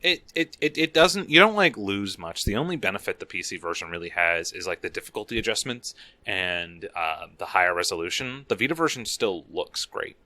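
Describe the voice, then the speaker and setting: A man co-hosts a casual podcast, tossing in fun facts offhandedly. His voice sits low but has a bright, forward tone, recorded close and dry. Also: animated, brisk, hardly any pauses, no echo. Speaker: podcast co-host. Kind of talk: casual podcast chat about video games.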